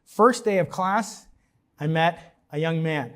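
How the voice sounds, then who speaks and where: A man in his forties or fifties from Long Island, giving a commencement speech with joking asides and halting restarts. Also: on the high side, a bit bright. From New York, Long Island. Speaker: commencement speaker. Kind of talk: ceremonial speech. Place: large ceremony venue.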